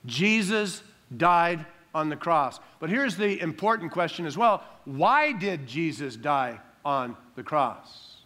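A man preaching an Easter sermon, emphatic, calling for amens and dropping soft and slow on solemn lines. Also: fairly high pitch, animated. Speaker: pastor.

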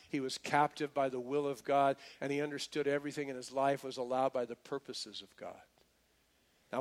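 A man preaching a sermon, retelling a story casually with slang and repeated restarts. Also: on the high side. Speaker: pastor.

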